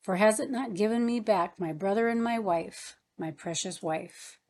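A woman reading the lines of a gentle, devoted husband in a storybook narration. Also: mid-range voice, normal speed, natural voice. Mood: tender. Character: tender devoted husband, adult man.

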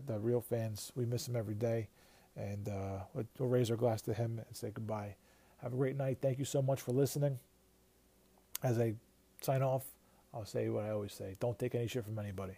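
A man with a mellow, warm voice hosts a podcast in a loose commentary style. His pitch sits in an ordinary middle range. He talks freely, swears often and restarts his sentences. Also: gravelly. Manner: loose and profane, with many restarts. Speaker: podcast host. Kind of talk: casual commentary.

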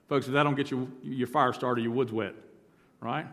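A male pastor preaching a sermon, swinging from loud emphatic lines to low, hushed ones. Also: fairly even intonation, moderate pace, long reverb tail.

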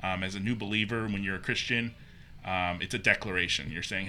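A young man casually telling a ghost story, animated and acting out the quotes. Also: normal speed, a little hiss or hum. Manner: animated, acts out quotes with pitch jumps.

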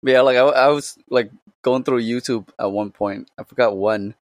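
A man's voice: mid-range voice, normal speed, no echo. A man chatting with friends, drifting through stories and filling his sentences with "like". His voice sits in a middle range. The recording is dry, with no room sound. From Boston area. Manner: rambling storyteller, many "like" fillers. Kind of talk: casual chat.

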